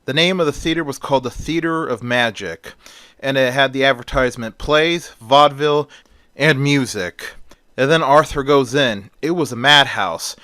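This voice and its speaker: A man's voice: mid-range voice, fairly quick, bright, forceful tone, no echo, studio quality. A man retelling a story in a plain casual way, with small slips and fillers.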